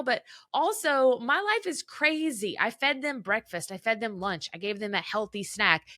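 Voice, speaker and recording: A woman in her thirties talking to listeners in a casual, chatty advice style, animated and laughing easily. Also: fairly high pitch, no room sound, clean studio sound. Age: 30s. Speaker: podcast host.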